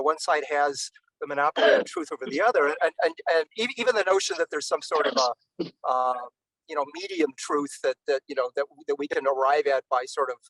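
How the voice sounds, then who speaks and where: Halting, professorial man with dry sound. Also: fairly high pitch, a bit bright, dry recording, rough recording. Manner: halting, many restarts and fillers, professorial. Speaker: interviewee. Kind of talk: academic discussion.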